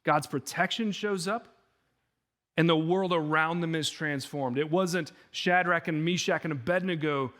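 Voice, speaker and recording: A male pastor preaching a sermon, telling the story with animated delivery and acting out the quoted speech. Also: on the high side, a little slow.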